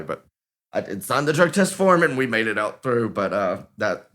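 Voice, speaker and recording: A bright, forceful male voice, telling a story in a relaxed chat. He jumps around in pitch as he acts out the other people in the story and chuckles between lines. His voice sits at an ordinary middle pitch. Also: fairly quick. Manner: animated, acts out quoted voices, laughs while telling. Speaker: podcast co-host. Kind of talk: casual storytelling.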